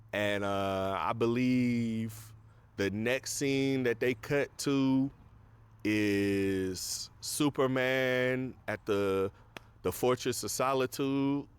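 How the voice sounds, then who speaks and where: In a casual film review, a man with a mid-range, clean voice recaps the story in a loose, rambling manner with many fillers. He raises his voice to act out the quoted lines.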